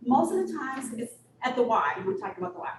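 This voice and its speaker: A woman executive director telling candid stories in an interview, blunt and animated, with sudden high-pitched bursts. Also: fast talker. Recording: echoey room, distant mic, audible noise.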